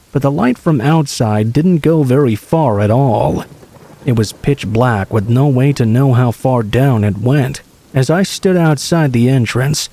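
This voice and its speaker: Mellow-voiced man narrating horror stories. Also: mid-range voice. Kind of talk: scripted horror story narration.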